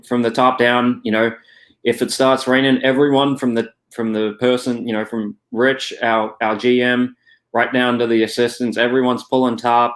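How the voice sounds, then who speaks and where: A young man with an Australian accent talks through his answers in a low, level voice that barely rises or falls. He hedges and restarts often, leaning on "you know" as he goes. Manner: hesitant, many "you know" fillers and restarts. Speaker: guest. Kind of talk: casual interview answers.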